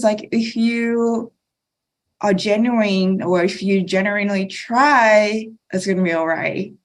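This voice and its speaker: A woman from Okinawa, a guest on a podcast panel who explains her points in a thoughtful, measured way. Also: mid-range voice. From Okinawa, Japan. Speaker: guest speaker.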